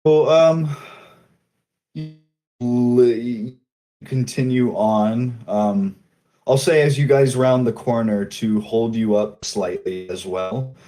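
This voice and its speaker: A man running a tabletop game as game master, calmly describing scenes and directing players. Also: mid-range voice, slow, soft background music, low-quality recording.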